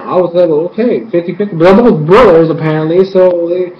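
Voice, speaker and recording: A man's voice: high voice, fairly quick, hardly any pauses. Hyped young man reviewing in an echoey room. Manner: hyped, rambling, acts out characters' lines. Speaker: YouTube reviewer. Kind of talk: excited casual episode review. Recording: echoey room, dull lo-fi mic.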